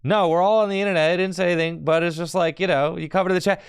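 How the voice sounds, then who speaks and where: Male streamer, smooth clear voice, dry close sound, laid-back banter with chat. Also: high-pitched, steady tone, quick pace, few pauses, dry recording. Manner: chatty, talks back to viewers in chat. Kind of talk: casual live-stream chat while playing a card game.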